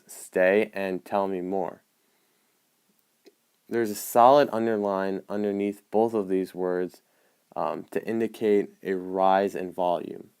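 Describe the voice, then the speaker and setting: A man explaining the marks on an annotated play script, in a measured way with frequent hesitant ums. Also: on the low side, mellow, smooth. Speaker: student presenter.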